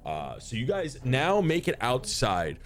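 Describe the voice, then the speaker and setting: A man's voice: medium pitch, a little slow. Casual man running a tabletop game. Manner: casual, animated, full of filler words. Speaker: game master.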